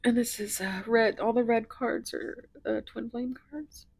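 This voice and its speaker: A woman's voice: on the high side, steady tone, unhurried, gravelly, breathy edge, no room sound. A woman reading tarot cards to her viewers, gushing and emotional, often dropping into whispers, and teary. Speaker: tarot reader.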